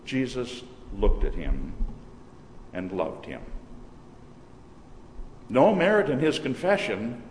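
A man's voice: mid-range voice, huge pitch swings, slow pace, long pauses, a little mellow. A male pastor preaching a sermon, telling the story dramatically with shifting emphasis. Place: church sanctuary. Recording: echoey church hall, faint noise.

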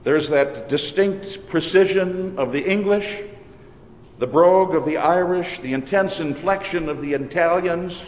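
A man from Minnesota with a Minnesotan accent, preaching a sermon as pastor in a measured, deliberate way. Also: fairly high pitch. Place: church. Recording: reverberant church hall.

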